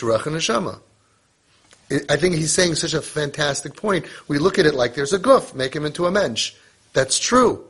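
A man's voice: medium pitch, fairly bright tone, breathy edge. A middle-aged man teaching a casual parenting lesson, mixing Hebrew and Yiddish terms into his conversational talk.

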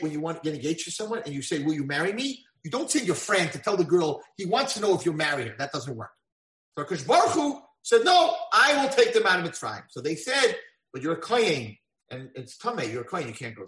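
A man giving a storytelling Torah lecture, acting out the voices of the figures in his stories. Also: fairly high pitch. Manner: animated, acts out voices in dialogue. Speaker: rabbi lecturer. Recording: echoey room.

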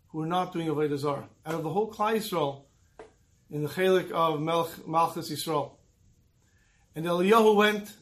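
A man with a fairly high voice gives a Torah lesson as a storyteller. He jumps into the voices of the people in his stories, raising and dropping his voice as he goes. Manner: animated storyteller acting out quotes. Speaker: Torah teacher.

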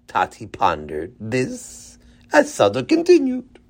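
A man narrating a children's story in a lively, animated voice. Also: mid-range voice, measured pace.

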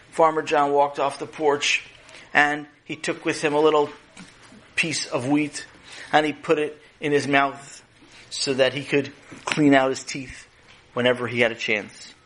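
A man's voice: on the high side, level tone, a little slow, a bit bright. A man narrating a children's story in a playful way, speaking directly to his young listeners.

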